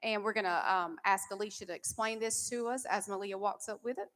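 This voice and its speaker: A woman's voice: medium pitch, a little fast, fairly bright tone. A woman hosting a charity auction, upbeat and encouraging as she introduces pieces and opens bids. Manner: upbeat and encouraging, thanking donors. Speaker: event host. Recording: reverberant event hall.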